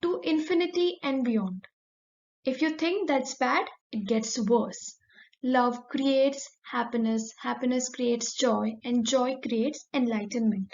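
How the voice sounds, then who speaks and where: Female teacher explaining a lesson, bright high voice, muffled low-fi recording. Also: slow pace, gravelly.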